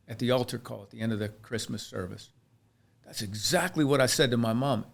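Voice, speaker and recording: The speaker is a man from Pennsylvania, a chiropractor guesting on a podcast, whose mid-range voice is gravelly and fairly quick. He shares his life candidly and reflectively, earnest throughout, though he restarts often.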